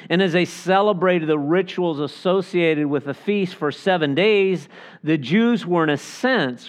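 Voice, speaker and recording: A male pastor explains a Bible passage in an unhurried, reflective way. His voice sits a little high for a man. He often stops to picture the scene out loud for his listeners. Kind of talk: expository Bible teaching.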